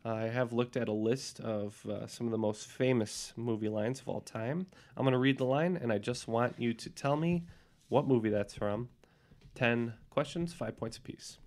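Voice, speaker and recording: A man's voice: medium pitch, moderate pace, a little mellow. A man hosting a podcast trivia game who reads out famous movie lines with a little flourish. He calls on each team in turn and keeps things moving. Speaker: quiz host.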